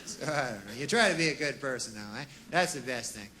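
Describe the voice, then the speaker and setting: A man doing a deadpan, rambling stand-up comedy monologue, full of asides and folksy fillers, on a comedy stage. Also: mid-range voice, quick pace, slight background noise. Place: comedy stage with a live audience.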